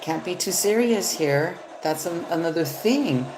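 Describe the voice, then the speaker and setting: A woman's voice: fairly low pitch, lively intonation, unhurried, background noise. A woman reading tarot cards live, talking in a loose, rambling, profane way. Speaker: tarot reader. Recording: echoey room.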